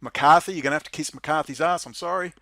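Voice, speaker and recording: A man's voice: quick pace, heavy background noise. Sarcastic man ranting over a document. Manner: sarcastic, swings into high mocking laughter. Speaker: political commentary vlogger.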